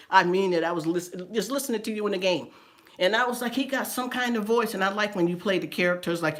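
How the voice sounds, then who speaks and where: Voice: medium pitch, fairly bright tone. A middle-aged livestream host talking casually and earnestly with viewers, stumbling over repeated words and calling people "honey". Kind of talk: casual livestream chat with viewer shout-outs.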